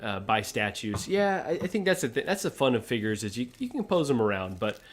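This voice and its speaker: A man's voice: mid-range voice, very animated, quick pace. A man hosting a live unboxing stream, chatting casually, laughing often and reading viewer comments aloud. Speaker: host.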